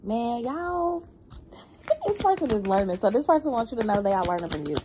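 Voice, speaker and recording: A woman giving a casual spiritual card reading, animated and slangy, humming and laughing between lines. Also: a little high, moderate pace, background noise. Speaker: tarot reader.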